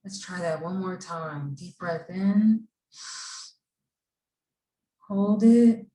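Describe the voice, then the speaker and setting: A woman with a low-ish voice, a camp instructor, leads children through a guided breathing and mindfulness exercise. Her guidance is slow, gentle and soothing, and she sounds far away in an echoey room.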